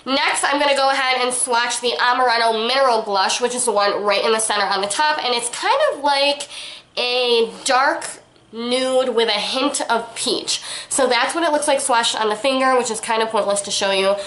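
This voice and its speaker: A woman's voice: fairly high pitch, normal speed, fairly bright tone. A young woman reviewing makeup in a casual, gushing, chatty way, talking straight to her viewers. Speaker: beauty vlogger. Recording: echoey room.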